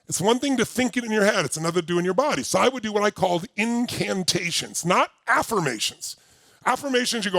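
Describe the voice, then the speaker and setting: An older man giving a workshop talk to a live audience, telling a personal story with lots of energy and shouting out repeated phrases. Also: high-pitched, expressive, moderate pace, gravelly, no room sound. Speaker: motivational speaker.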